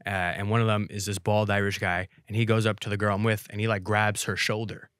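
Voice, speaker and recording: Laid-back deadpan young man host. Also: lowish voice, fairly quick, clear, resonant tone, no echo, clean studio sound. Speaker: podcast host. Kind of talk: casual storytelling chat.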